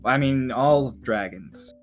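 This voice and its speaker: A man's voice: mid-range voice, takes it slowly, faint music behind. A man narrating as dungeon master in a casual tabletop game session, swearing and joking with players. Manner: casual, swears, plays NPC voices.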